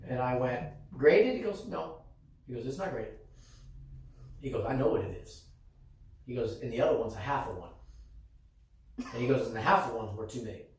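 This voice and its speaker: A man's voice: medium pitch, lively intonation, brisk, pauses often, a little hiss or hum. Male card shop owner, casual storyteller, acts out quoted dialogue, very echoey room, mic at a distance. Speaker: sports card dealer and show host.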